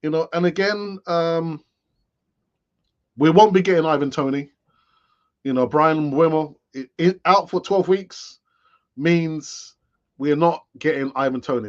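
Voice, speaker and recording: Man, late fifties, higher-pitched voice, rambling live-stream host, dull lo-fi sound. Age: late 50s. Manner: rambling, chatty, with frequent fillers and restarts. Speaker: football fan channel host. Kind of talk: live-stream chat commentary.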